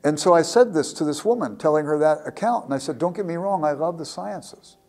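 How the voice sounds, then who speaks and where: Guy lecturing, bit higher voice, tells stories and stumbles on repeated words. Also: animated, a little fast, darkish tone. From United States. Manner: anecdotal, repeats words when starting a thought. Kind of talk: storytelling lecture.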